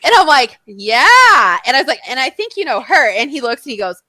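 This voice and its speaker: A woman's voice: high voice, fairly quick, dry recording. A young woman co-hosting a podcast, telling a story in casual chat, acting out what people said and swearing freely. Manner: animated, acts out quotes, swears. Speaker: podcast co-host.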